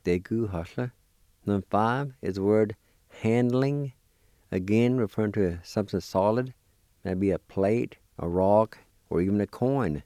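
A man teaching vocabulary, spelling and sounding out each word slowly and patiently, repeating it for learners. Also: lowish voice, warm tone, no room sound, studio quality. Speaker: language teacher. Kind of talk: slow spelling and pronunciation drill.

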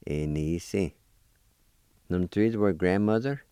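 A man teaching vocabulary, patiently spelling each word letter by letter and repeating it slowly. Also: deep voice, dark tone, clear, resonant tone, no room sound, clean studio sound. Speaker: language teacher. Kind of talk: slow spelling and pronunciation lesson.

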